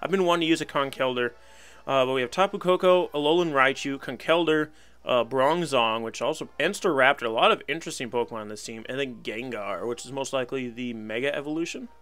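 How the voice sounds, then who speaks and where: Bright-voiced young man commenting on gameplay. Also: mid-range voice, fast. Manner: casual, wry and resigned, laughs at himself. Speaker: gaming channel host.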